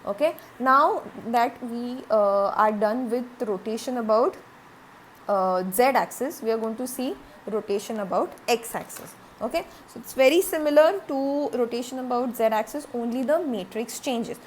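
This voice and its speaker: A woman's voice: on the high side, normal speed, a little hiss or hum. A woman giving a recorded classroom lecture, explaining step by step, repeating points, with frequent "okay" and "uh".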